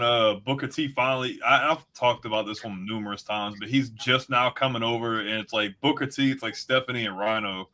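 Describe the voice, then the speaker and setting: A man in casual chat, excitable and full of mild slang while recalling moments. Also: mid-range voice.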